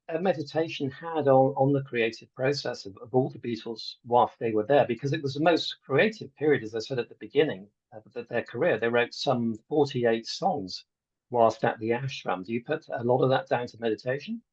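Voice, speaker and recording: A man's voice: medium pitch, expressive, moderate pace, darkish tone, breathy edge, lo-fi sound. A man hosting an interview, asking thoughtful, somewhat hesitant questions. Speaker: podcast host.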